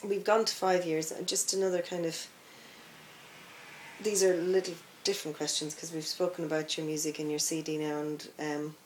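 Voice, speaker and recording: A woman's voice: low voice, little pitch movement, moderate pace, darkish tone, a little hiss or hum. A woman hosts an interview, asking loose, friendly questions that wander and restart before she lands them. Her delivery is chatty and conversational.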